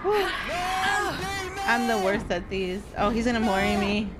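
A woman's voice: medium pitch, steady tone, measured pace, very noisy. A woman streaming a horror game, talking to her viewers and exclaiming when startled. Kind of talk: live horror gameplay commentary. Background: loud music.

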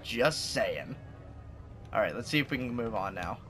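A man's voice: medium pitch, expressive, normal speed, fairly bright tone, soft background music. A young man giving playful, joking commentary while playing a video game, talking trash at the enemies. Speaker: gaming youtuber.

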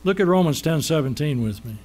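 A man preaching a sermon, asking questions and then answering them, slowing down to stress key words. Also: fairly high pitch, lively intonation, darkish tone, a little hiss or hum.

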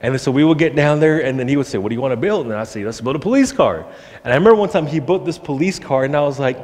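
A young man, a pastor, giving an animated sermon in a church and acting out the voices he quotes. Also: on the high side, fast. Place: church sanctuary. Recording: long church hall reverb.

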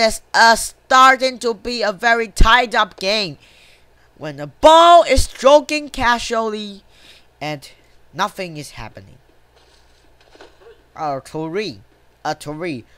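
A woman commenting casually on her gameplay, cursing and griping at every missed chance. She speaks slowly in a smooth, clear voice. The sound is dry and close. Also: medium pitch, expressive, bright, forceful tone, dry recording. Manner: swears often, grumbles at the game; talks to self and viewers between plays. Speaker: gamer.

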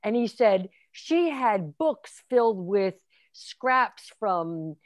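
A woman's voice: medium pitch, sing-song, slow, no echo, studio quality. A woman film instructor speaking in casual conversation, reflective and encouraging.

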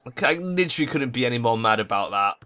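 A young gaming YouTuber gives sweary, frustrated commentary over a football tactics game. His mid-range voice is expressive, fast and sharp, with a clear, resonant tone.

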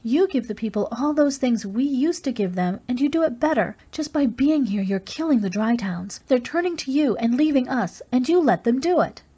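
A woman's voice: sits high, lively intonation, moderate pace, hardly any pauses, dark tone, slightly rough, pitched above the performer's own voice. A woman reading an audiobook, voicing a proud, despairing young woman of a dying desert world who speaks with a lilting, trembling, bitter passion. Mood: impassioned despair.

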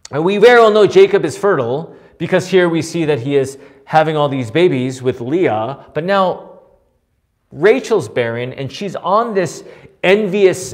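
A man teaching a Bible study in a conversational way, often asking "right?" and restarting his sentences. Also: a little high. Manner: animated, asks frequent rhetorical "right?" with many restarts.

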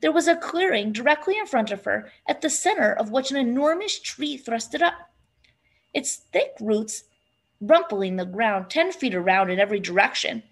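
Woman reading a storybook aloud, expressive. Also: a little high, normal speed. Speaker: reader. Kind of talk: read-aloud storybook narration.

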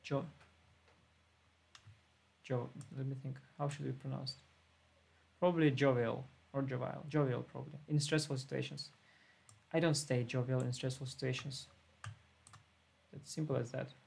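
A man's voice: mid-range voice, fairly even intonation, moderate pace, vocal fry, pauses often, darkish tone, husky. A laid-back man thinking aloud as he plays an online chess simul on a live stream. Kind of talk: live-stream commentary while playing.

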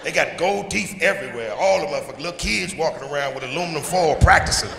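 A stand-up comedian from Chicago, delivering a loud, profane, punchy routine in front of a live audience. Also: male voice, fairly high pitch, expressive, fast talker, gravelly. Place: large live venue with audience. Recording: echoey hall with audience noise.

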